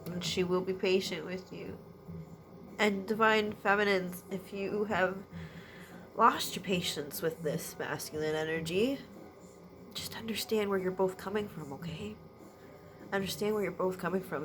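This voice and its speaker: A woman's voice: fairly low pitch, normal speed, background noise. A woman giving an emotional late-night energy reading, sniffly and teary from crying, often trailing off and laughing through tears. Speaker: tarot energy reader.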